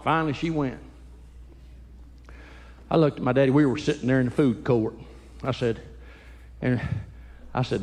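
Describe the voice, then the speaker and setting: A man, a Christian comedian doing folksy, animated stand-up storytelling. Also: mid-range voice, normal speed, long pauses. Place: church hall. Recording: echoey hall, faint ambience.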